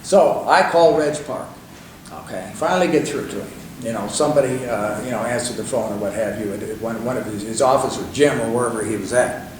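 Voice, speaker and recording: Speaking at medium pitch and a little fast, this older male interview guest tells long, rambling stories, restarting often and leaning on fillers. A distant mic picks him up in an echoey room, with a faint hiss underneath.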